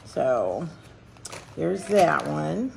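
A woman's voice: sits low, sing-song, extremely slow, creaky, a little mellow, slight background noise. A woman hosting a casual unboxing vlog, playful and sing-song, chatting to her dogs as she goes. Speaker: vlog host.

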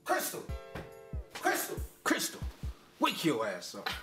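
A hot-tempered recovered-addict husband. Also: male voice, mid-range voice, slow, exaggerated voice. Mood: furious, shouting. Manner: steady and warm-hearted, fills talk with "you know"; explosive profane yelling when angry. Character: recovered addict husband, counselor running a group home. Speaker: counselor and husband. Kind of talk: film acting. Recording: roomy distant film sound with music score.

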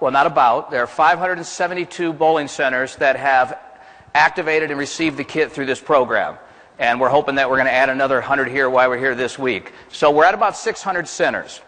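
A man's voice: on the high side, fairly bright tone. Folksy man presenting in a conference hall. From American South. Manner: folksy, plain-spoken, asks the room questions. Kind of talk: seminar presentation to an audience. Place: large conference room.

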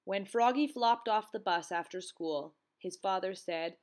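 A woman teacher reading a children's storybook aloud, in an expressive, sing-song way. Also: mid-range voice, measured pace.

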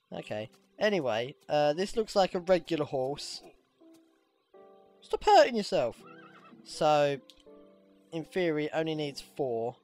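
Speaking at a medium pitch, a let's-play gamer offers casual, excitable commentary on the action. He swears freely and lets out squeals whenever things go his way.

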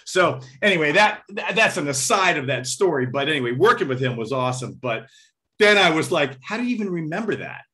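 A male drummer in a relaxed interview, swinging his voice up and down as he tells his stories. His tone is bright and forward, a little higher than most men, and he scats drum patterns and acts out the people in them. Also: a little fast. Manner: animated, vocalizes rhythms and acts out quotes. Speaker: guest drummer and percussionist. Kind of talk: casual interview storytelling.

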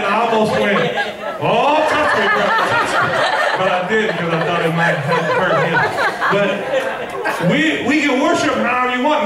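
A pastor preaching an animated, jokey sermon and acting out the voices of others. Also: male voice, sits high. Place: large church sanctuary. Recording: echoey church hall, mic far off, congregation audible.

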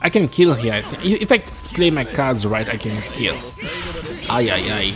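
A man giving live commentary on his own match, excitable and jumpy, talking to himself as he plays. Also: medium pitch, moderate pace, music in the background. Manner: excitable, jumpy, talks to himself while playing. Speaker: gameplay streamer.

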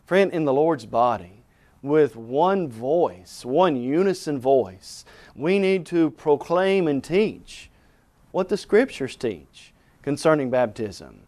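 A man's voice: a little high, expressive, slow, darkish tone. A man preaching a televised sermon, emphatic, quoting scripture and asking rhetorical questions.

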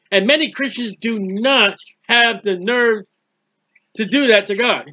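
A man with a high, bright, ringing voice teaching from the Bible in a loose, conversational way. He talks with emphasis and acts out the prayers and speeches he quotes. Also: a little slow.

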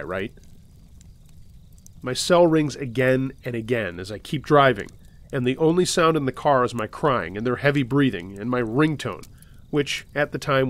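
A man hosting and reading submitted true scary stories aloud, steady, with dry sarcastic asides. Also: mid-range voice. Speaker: host and narrator.

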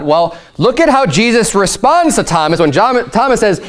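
A male pastor preaching a conversational sermon, emphatic and explanatory, slowing down to read scripture. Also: high voice, big pitch swings.

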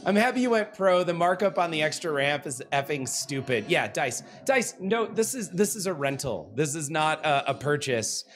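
A man's voice: a little high, expressive, moderate pace, few pauses, fairly bright tone. Chatty self-mocking man hosting a stream. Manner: reads viewer comments aloud, chatty, self-deprecating; laughs easily. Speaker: livestream host. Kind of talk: casual stream chat.

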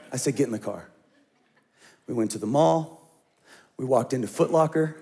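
A middle-aged man preaching a sermon as a pastor, talking conversationally and dropping to a hush when he tells stories. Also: mid-range voice, a little slow.

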